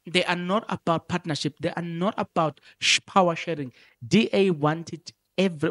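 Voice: medium pitch, dry recording. Fired-up South African commentator hammering points home, close and dry on the mic. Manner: emphatic, repetitive, switching into isiZulu. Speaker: political commentator. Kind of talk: unscripted commentary monologue.

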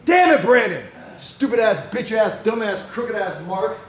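A man performing in a comedy sketch with a fairly high voice. He berates the people around him in loud, profanity-filled rants. The sound has a roomy echo. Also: normal speed, far from the mic.

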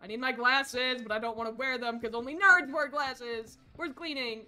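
A woman streaming a horror game, yelling and swearing at the characters and then dropping into quiet asides. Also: a little high, over music. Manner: rapid swings to quiet asides.

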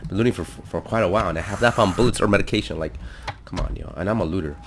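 A man's voice: deep voice, very fast, background noise. A man casually narrating his game to viewers, easily startled and talking to himself as he loots. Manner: excitable, talks to viewers, jumpy outbursts. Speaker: gaming YouTuber. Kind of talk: casual let's-play commentary. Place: hot home room.

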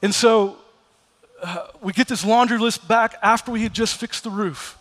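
In a church sanctuary, a pastor delivers a sermon by telling stories and performing the voices of the people in them. His voice is high, steady, and fairly bright, moving at a moderate pace with a big-room sound.

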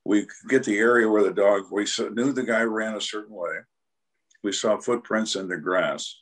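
A man's voice: lowish voice, moderate pace. An older man, a retired homicide detective, telling cases as an interview guest in a blunt, dry and dramatic way. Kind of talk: storytelling interview.

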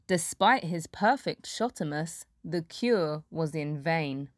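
A woman's voice: deep voice, expressive, takes it slowly, hardly any pauses, dry recording, clean studio sound. A woman reading a rhyming children's picture book aloud, with playful little voices for the animals. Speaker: storyteller.

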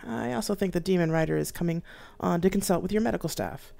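Woman reader doing a smooth, courteous male ship AI, slight accent. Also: fairly low pitch, quick pace, dark tone, pitched above the performer's own voice.

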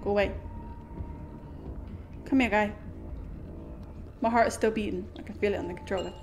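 This streamer's voice is mid-range and a little mellow, with fairly even intonation and a moderate pace, recorded with slight background noise. She plays a horror game, jumping at scares, exclaiming, and talking to the characters and viewers.

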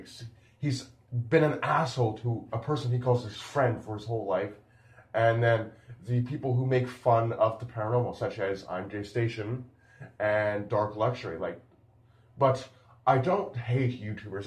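A man's voice: on the low side, darkish tone, reverberant. A man giving a casual, rambling video review, enthusiastic and full of fillers and restarts. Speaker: YouTube reviewer.

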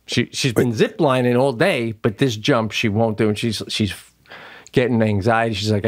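Man, middle-aged, podcast co-host, casual storytelling, lively quoted voices. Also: on the low side, normal speed.

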